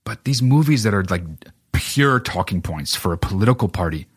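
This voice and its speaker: A man with a low, husky voice rants about films on a solo podcast. He swears freely and rambles, leaning on filler words as he goes. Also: animated, normal speed, no room sound, clean studio sound. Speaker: podcast host. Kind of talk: casual solo film rant.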